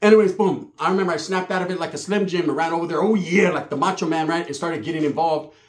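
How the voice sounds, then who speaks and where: A man telling a profane, animated street story on his channel, slipping into voices for the people he quotes. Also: on the high side, fast. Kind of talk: casual storytelling vlog. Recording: roomy echo.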